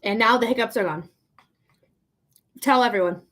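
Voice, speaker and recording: A woman's voice: on the high side, normal speed, fairly bright tone, slight background noise. A woman giving a live-streamed tarot reading, chatty and frank, swearing casually as she talks. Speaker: tarot reader.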